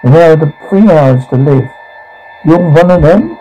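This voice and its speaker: A man performing a one-man audio drama, reading every part and the sound cues aloud, shouting and pleading in turns. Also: on the high side, lively intonation, unhurried, breathy edge, faint music behind, rough recording.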